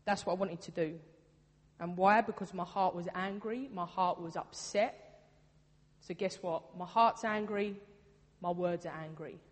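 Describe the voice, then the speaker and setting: A woman's voice: lowish voice, steady tone, measured pace. Earnest woman preaching in a hall. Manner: earnest, conversational, with emphatic repetition. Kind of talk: sermon. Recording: long reverb of a hall.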